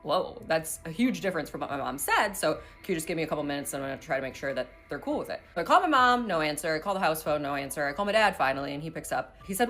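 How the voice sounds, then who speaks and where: Woman, casual storytelling, animated, lively pitch, a bit low, faint music behind. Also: very fast, few pauses. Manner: animated, acts out quoted voices. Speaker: social media storyteller.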